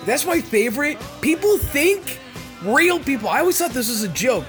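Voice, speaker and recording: A young man co-hosting a podcast, with a deep announcer-like voice, rambling and self-deprecating. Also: very animated, normal speed, fairly bright tone, faint music behind. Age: young adult. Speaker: podcast co-host. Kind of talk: casual podcast banter.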